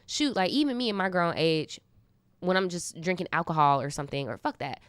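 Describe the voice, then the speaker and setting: Slangy woman host, smooth low voice. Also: animated, brisk, no echo, studio quality. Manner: slangy, candid, laughing asides. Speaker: storytime host. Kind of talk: casual storytime commentary.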